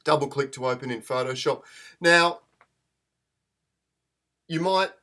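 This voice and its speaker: A man's voice: medium pitch, unhurried, sharp tone. A man, chatting in a rambling, self-deprecating way as he hosts a live photo-editing tutorial stream.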